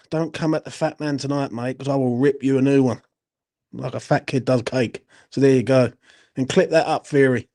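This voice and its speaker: A man's voice: medium pitch, a little mellow. A young man hosting a late-night football fan live stream, ranting bluntly and swearing heavily as he reads viewer comments. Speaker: host of a football fan channel.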